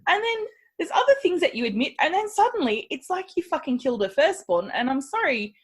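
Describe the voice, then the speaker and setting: A woman's voice: high voice, big pitch swings, a little fast. A woman co-hosting a podcast, chatting casually, laughing often and slipping into silly voices. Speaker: podcast co-host. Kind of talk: casual chat.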